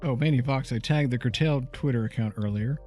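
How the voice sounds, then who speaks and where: A man's voice: mid-range voice, quick pace, warm tone, soft background music. A man co-hosting a game livestream who reads viewer comments aloud in casual talk.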